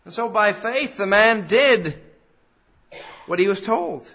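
A man's voice: high-pitched, slow pace, sharp tone. A man preaching a sermon in an earnest way that rises to emphatic peaks. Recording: dull lo-fi sound.

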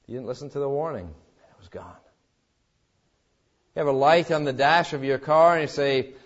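A man preaching a sermon in an emphatic way, swinging between loud exhortations and quiet, low passages. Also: lively intonation, unhurried, pauses often, highs cut off. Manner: emphatic preaching with wide swings in pitch and loudness.

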